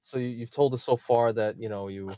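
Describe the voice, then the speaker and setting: A man hosting a casual interview over a video call, encouraging and quick to react with short exclamations. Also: mid-range voice, fairly even intonation, no echo. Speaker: podcast host. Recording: dull lo-fi video call audio.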